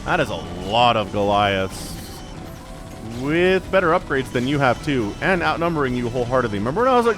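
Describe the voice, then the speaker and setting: A man casting a real-time strategy match solo, chatty and rambling, with easily excited asides. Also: mid-range voice, a little fast, over music. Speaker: esports caster. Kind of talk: solo game commentary.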